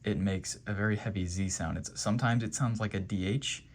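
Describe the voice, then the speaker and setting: In a step-by-step pronunciation lesson, a man teaches Quran reading with a fairly quick pace and a voice on the low side. He goes over letter sounds patiently and keeps checking in with "okay?"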